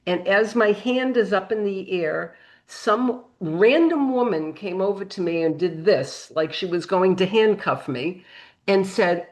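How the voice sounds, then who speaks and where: A middle-aged woman with a New England accent, telling a lively anecdote on a panel and acting out the voices in it. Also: medium pitch, a little slow. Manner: animated anecdote with acted-out quotes. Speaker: panel guest. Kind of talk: storytelling on a panel.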